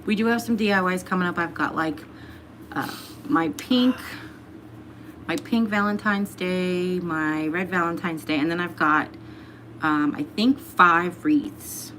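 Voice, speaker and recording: A livestream host chats casually from home, reading out viewer comments and laughing a lot, with a faint hum in the background. Her voice is a little low yet fairly bright, with fairly even intonation and an unhurried pace.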